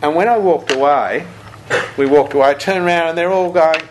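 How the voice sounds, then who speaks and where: A man's voice: on the high side, a little fast, noisy background. Older man telling dharma stories. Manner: lively storytelling with chuckles. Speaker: Buddhist teacher. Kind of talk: anecdotal dharma talk.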